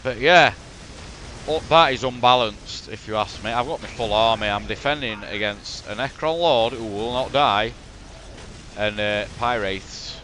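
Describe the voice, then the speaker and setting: A man's voice: medium pitch, measured pace, fairly bright tone, a little hiss or hum. A man with a Yorkshire accent, commentating a replay of his own strategy game in blunt, sweary, exasperated banter. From Yorkshire, England. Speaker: gaming commentator.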